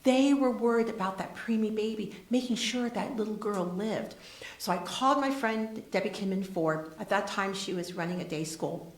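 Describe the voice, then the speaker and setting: Appearing as a guest on a talk show, a charity CEO tells stories animatedly, acting out the voices of the people in them. She speaks with a lilt in a mid-range voice at normal speed, and the room echoes noticeably.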